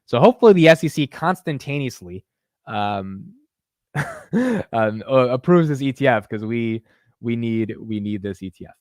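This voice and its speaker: A man hosting a casual live stock market stream, animated and chatty, reading viewer comments aloud. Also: medium pitch, normal speed, clean tone, dry recording, studio quality. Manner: animated and chatty, reads chat aloud, laughs easily. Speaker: stock market livestream host.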